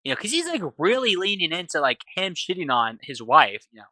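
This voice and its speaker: A film reviewer talking through a scene in loose, filler-packed, profane casual speech. The voice is bright and lively in pitch, recorded dry and close. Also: fairly quick, no echo. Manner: rambling, filler-heavy, profane.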